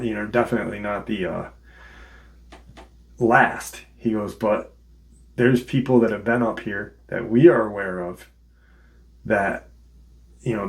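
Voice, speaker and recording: A man's voice: fairly low pitch, gravelly. A man hosting a paranormal channel, casually retelling a listener's encounter and quoting the dialogue as he goes. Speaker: paranormal story channel host.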